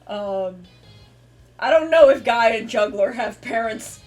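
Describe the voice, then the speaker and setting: A woman streamer in casual chat, animated and swearing freely with many fillers. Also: fairly high pitch, slow pace, soft background music.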